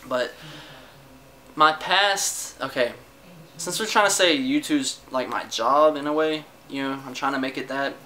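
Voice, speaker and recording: A man's voice: mid-range voice, unhurried, bright, forceful tone, a little hiss or hum, poor audio. A young man venting to his camera in a casual personal rant, defensive and frustrated, swearing a lot and often stopping to restart his sentences. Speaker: vlogger. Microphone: camera mic.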